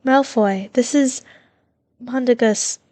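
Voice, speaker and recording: A woman's voice: a little high, slow pace, dark tone, no room sound. Woman reading a terse young wizard. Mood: demanding. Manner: terse, demanding.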